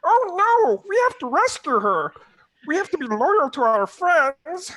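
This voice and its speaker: A woman voicing an eager, loyal male pegasus pony in a tabletop game, excited and breathless. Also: high-pitched, measured pace, heavily acted. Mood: alarmed.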